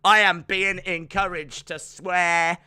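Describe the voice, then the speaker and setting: A man co-hosting a casual podcast live stream, playful and excitable, often slipping into silly voices. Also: high-pitched, slow pace, clean tone, no echo. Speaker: podcast co-host.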